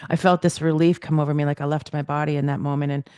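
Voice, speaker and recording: A middle-aged woman telling a personal story as a podcast guest, animated and acting out the dialogue she remembers. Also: deep voice, fast talker, smooth, no room sound.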